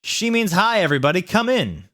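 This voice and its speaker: A man's voice: high voice, sing-song, fairly quick, a bit bright, voice pushed up. A man voicing a flustered old male headmaster in a chirpy, fussy, raised voice for a comic reading.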